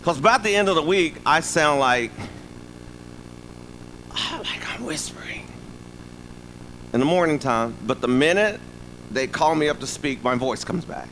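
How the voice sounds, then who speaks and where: A man delivers a sermon in a high, bright voice. He talks in an animated, humorous way, throwing asides to the congregation, with faint noise in the background. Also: a little fast, poor audio. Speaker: preacher.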